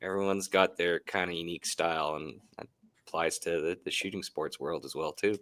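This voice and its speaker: Deep-voiced man with a bright, forceful edge. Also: fairly even intonation, brisk. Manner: chatty, relatable comparisons. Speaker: podcast host. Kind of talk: casual podcast conversation.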